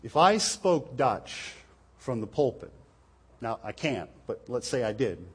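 A man's voice: medium pitch, sing-song, a little slow, slightly rough. A man preaching a sermon from the pulpit in a church, explaining earnestly and asking rhetorical questions into a pulpit microphone. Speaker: pastor. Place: church hall.

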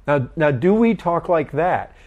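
A man's voice: a little high, animated, darkish tone, lo-fi sound. A middle-aged man leading a group Bible study, asking questions and often repeating his words. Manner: slow, questioning, repeats phrases.

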